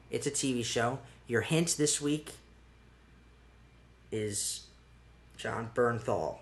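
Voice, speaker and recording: A man's voice: medium pitch, fairly bright tone. A man hosting a solo podcast in casual chat, rambling with restarts and casual swearing. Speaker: podcast host.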